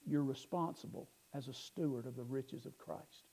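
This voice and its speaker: A man's voice: mid-range voice, normal speed, dark tone, poor audio. A male pastor preaching a sermon earnestly, building to emphatic bursts and restarting words as he goes.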